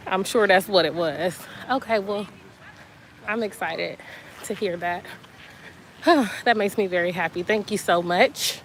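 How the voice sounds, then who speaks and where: A woman's voice: mid-range voice, fairly bright tone, a little hiss or hum, low-quality recording. A woman live-streaming outdoors by a beach, out of breath and chatting straight to her viewers on a phone. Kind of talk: casual live-stream chat.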